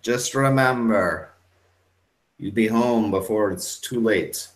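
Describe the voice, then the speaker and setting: A man voicing a very old man in his nineties who speaks slowly, formally and ominously. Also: lowish voice.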